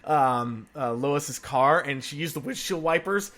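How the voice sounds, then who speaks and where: Male podcast host, empathetic, lively pitch swings, slightly high voice. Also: measured pace. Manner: empathetic and expressive. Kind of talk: conversational interview.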